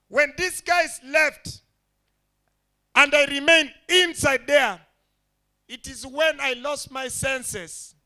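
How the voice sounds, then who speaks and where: A man's voice: very high voice, bright, forceful tone. A man doing stand-up on a live stage, telling a story animatedly and acting out the voices in it. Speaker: stand-up comedian.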